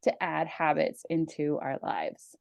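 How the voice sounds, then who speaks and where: A woman podcast host with a low, gravelly voice, recorded dry and close. She talks in a gushing, upbeat way, dotted with "like" and "you know.". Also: animated, measured pace, a little mellow, no room sound, muffled recording. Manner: upbeat, gushing, filler-heavy with many "like"s. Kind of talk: casual interview chat.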